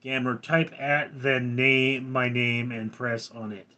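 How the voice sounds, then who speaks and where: Dude reading out his livestream chat, slow and bright, teasing people. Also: medium pitch, flat delivery. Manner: reads chat names, teasing. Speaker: livestream host. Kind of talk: casual live chat reading.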